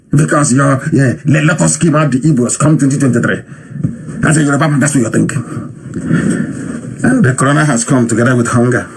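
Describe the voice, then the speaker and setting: A man's voice: on the high side, very animated, quick pace, a little hiss or hum. A man giving impassioned live commentary, scolding his listeners with fiery rhetorical questions.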